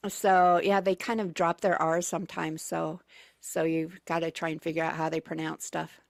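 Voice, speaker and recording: A woman's voice: low-pitched, level tone, moderate pace, gravelly, dry recording, studio quality. A woman telling travel stories as a guest on a radio show, chatty and full of fillers and restarts. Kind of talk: casual radio chat. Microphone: studio microphone.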